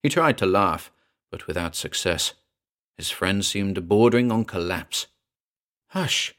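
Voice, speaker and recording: A man narrating a classic ghost story in a measured, quiet way. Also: low voice. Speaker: audiobook narrator.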